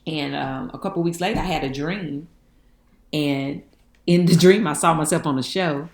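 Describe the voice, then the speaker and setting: A woman, telling her life story in an interview, folksy and animated, laughing often. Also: low-pitched, moderate pace. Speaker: guest. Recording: echoey room.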